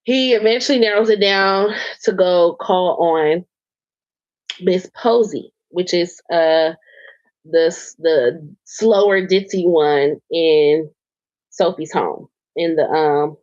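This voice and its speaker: A woman's voice: lowish voice, takes it slowly, darkish tone, no room sound, lo-fi sound. A woman co-hosting a podcast, recapping a show in loose casual chat, swearing and laughing as she rambles with fillers. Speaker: podcast co-host.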